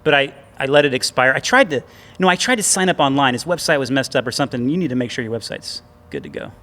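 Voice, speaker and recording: A man's voice: medium pitch, very animated, fast, bright, forceful tone. A man co-hosting a casual talk show, telling a rambling, self-deprecating story with lots of restarts, recorded indoors in a gym. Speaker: podcast co-host.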